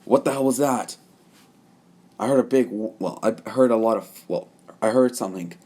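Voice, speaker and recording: A man's voice: lowish voice, normal speed, warm tone. A man voicing a hot-tempered young male rival who talks angrily and bluntly in a fan story. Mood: startled. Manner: angry, blunt.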